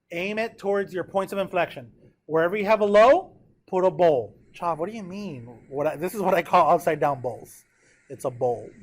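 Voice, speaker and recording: A man with a slightly high voice teaches a math lesson in a classroom. His tone is casual and encouraging, and he keeps pausing to ask the students whether they follow. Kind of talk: classroom lecture.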